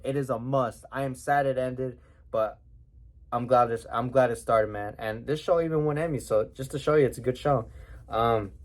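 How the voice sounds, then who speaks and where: A man's voice: medium pitch, a little mellow. Young man giving a slangy casual review. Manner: slangy, addresses viewers as bro and boys; emotional, rambling with fillers.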